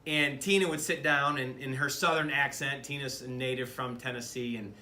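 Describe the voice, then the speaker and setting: A man's voice: mid-range voice, steady tone, normal speed, bright, forceful tone, reverberant. A middle-aged man from Michigan, a business leader talking earnestly to camera in a conversational way, with many fillers and restarts. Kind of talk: speaking to camera about leadership.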